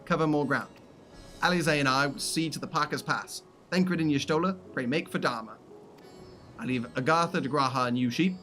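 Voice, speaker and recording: A man's voice: on the high side, fairly bright tone, lightly acted. A man reading out the lines of a young, earnest noble scholar in a stiff, formal way. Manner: formal, slightly stiff read-aloud delivery.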